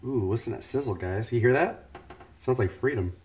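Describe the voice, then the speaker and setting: Over slight background noise, a man with a darkish, mid-range voice talks briskly as he cooks in his home kitchen on a livestream. It's casual, cheerful chat, full of jokes and thank-yous to viewers by name.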